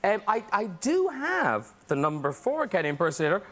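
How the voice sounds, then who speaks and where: A man's voice: sits high, huge pitch swings, brisk, fairly bright tone. A middle-aged man hosting a chat show, teasing and laughing often as he talks. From Ireland. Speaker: talk show host. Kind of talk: playful chat show banter. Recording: studio audience and noise.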